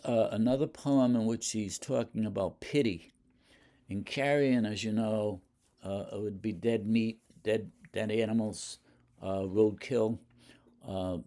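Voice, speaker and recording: A male lecturer explains poetry slowly and deliberately. His voice is mellow and dark. He pauses on fillers and restarts his sentences. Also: on the low side. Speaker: literature lecturer.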